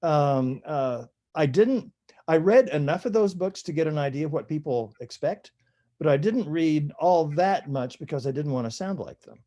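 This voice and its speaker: An older man with a dark, mellow voice, telling stories as a guest on an interview podcast. He talks in a loose, chatty way, pokes fun at himself and laughs at his own anecdotes. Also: on the high side, expressive, normal speed. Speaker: author guest. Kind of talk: relaxed storytelling interview.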